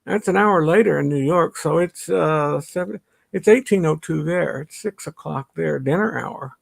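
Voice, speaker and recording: Here a middle-aged man from Chicago's northern suburbs chats casually on his livestream, reading comments aloud, welcoming viewers by name and laughing frequently. His voice is fairly high, gravelly and husky, at a moderate pace, with a slight allergy stuffiness.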